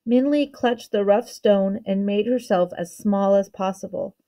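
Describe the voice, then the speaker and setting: A woman teacher reads a children's novel aloud, her tone soft and mellow rather than bright. She keeps a steady, expressive storytelling pace, at a middle pitch for a woman. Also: a little slow.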